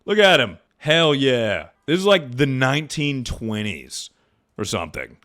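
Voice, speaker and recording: A young man streaming, rambling and joking with lots of swearing and quick impressions. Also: medium pitch, sing-song, a bit bright. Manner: rambling, profane, jokey, often slips into impressions. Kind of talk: casual livestream commentary.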